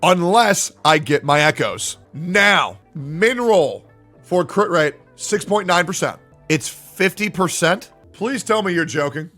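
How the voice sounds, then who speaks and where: High-voiced argumentative male streamer. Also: animated, slow, sharp tone, soft background music. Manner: argumentative, profane, talks back to chat. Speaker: livestreamer. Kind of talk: live-stream chat reacting to viewers.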